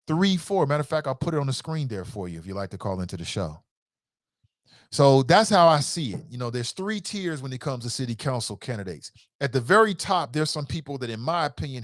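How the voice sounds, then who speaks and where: A man hosting a call-in talk show, giving blunt, passionate commentary with swearing, dropping to low mutters and rising to sharp outbursts. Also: no room sound, studio quality. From Cincinnati. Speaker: show host.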